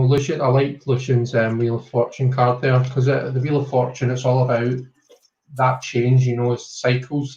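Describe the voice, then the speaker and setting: A man's voice: mid-range voice, a little mellow. A man with a Scottish accent giving a casual tarot reading, hesitant with many fillers and reassuring. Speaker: tarot reader on a live stream. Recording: roomy, dull lo-fi call audio.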